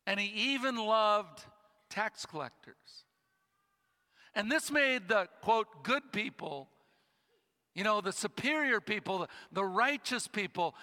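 A male pastor preaching a sermon, telling a story with slow, dramatic pauses. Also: sits high, lively intonation, pushed and bright, in a large hall.

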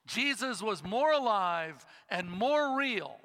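A man preaches with a high, bright voice, slowing into dramatic pauses as he tells a story. His words ring out with a long reverb in a church hall. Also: animated. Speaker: pastor. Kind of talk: sermon.

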